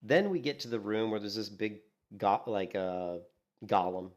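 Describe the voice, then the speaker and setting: A man chats casually while streaming a game, telling animated stories, acting out what others said, and padding his speech with "you know" and "like." His voice is on the low side, at normal speed.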